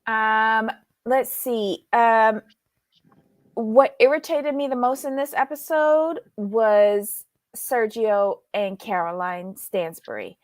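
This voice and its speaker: A woman with a fairly high voice talks slowly and casually through her show recap. She rambles, fills gaps with ums and starts sentences over. The recording is dry and close. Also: dry recording. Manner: chatty, rambling with fillers and restarts. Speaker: podcast co-host.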